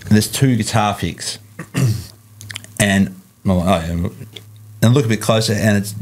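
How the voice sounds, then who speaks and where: A man with an Australian accent, a musician guest telling a story in a relaxed way, full of fillers. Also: fairly low pitch, unhurried. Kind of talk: casual storytelling.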